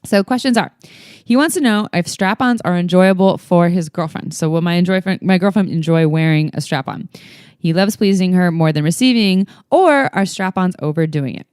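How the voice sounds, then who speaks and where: Smooth-voiced, upbeat woman co-host. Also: on the low side, darkish tone, dry recording, clean studio sound. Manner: upbeat, quick interjections. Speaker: podcast co-host. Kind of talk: casual chat.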